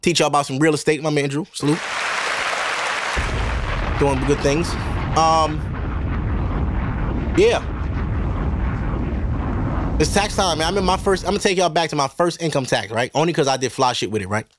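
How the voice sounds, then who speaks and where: A man's voice: a little high, normal speed, pauses often, crowd noise, noisy background. A man hosting a casual solo podcast, talking bluntly and profanely to his listeners and laughing often. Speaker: podcast host.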